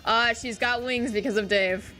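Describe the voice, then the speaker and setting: Young woman streamer, sarcastic and sweary, bright forceful tone, light music under her. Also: a little high, fairly even intonation, moderate pace. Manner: swears often, sarcastic asides. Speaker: streamer reacting to a webcomic. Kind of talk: casual livestream reaction.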